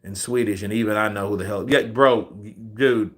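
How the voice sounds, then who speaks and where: A man's voice: fairly low pitch, normal speed. Profane, rambling man telling a story. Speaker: boxing commentary host. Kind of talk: casual storytelling.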